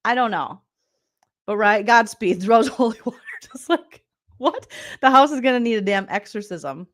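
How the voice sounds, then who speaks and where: A woman comedian recapping reality TV in a loud, profane, incredulous rant, laughing often. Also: a little high, expressive, moderate pace.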